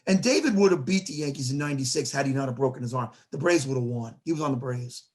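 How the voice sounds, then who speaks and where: A man hosting a casual sports talk show, telling stories in an animated way and acting out quoted dialogue. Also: medium pitch, quick pace. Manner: animated storyteller who acts out quoted dialogue.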